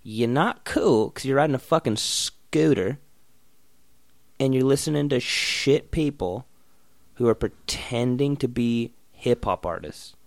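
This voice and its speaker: A young man rants bluntly and swears freely. He jumps into loud bursts, then drops to a mutter, at a middling pitch. The recording is close and dry, with no room sound. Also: a little slow, dry recording. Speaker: vlogger. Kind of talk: casual profane rant.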